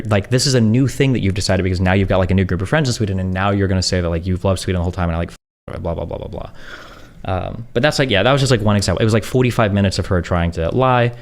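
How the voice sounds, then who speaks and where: A man in his thirties in a casual venting monologue, sarcastic and exasperated, slipping into mocking voices of others. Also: on the low side. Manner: sarcastic, exasperated, mimics others mid-story. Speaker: streamer.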